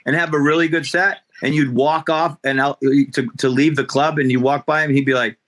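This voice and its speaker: A man's voice: a little high, steady tone, fairly quick, fairly bright tone. A man, a comedian, telling a laid-back anecdote in casual podcast chat.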